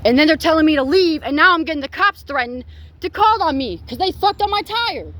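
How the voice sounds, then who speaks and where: A woman's voice: sits high, animated, fairly quick, a bit bright, slight background noise. Heated young woman ranting outdoors. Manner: heated, indignant, swearing, retelling a dispute. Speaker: vlogger. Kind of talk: angry rant to camera. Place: outdoors by a car repair shop.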